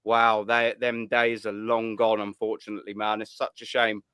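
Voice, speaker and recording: A man's voice: on the low side, monotone, normal speed, fairly bright tone, smooth, no room sound. A man hosting a live call-in stream, talking in blunt, laddish banter full of swearing. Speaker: host of a call-in show. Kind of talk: casual live stream chat.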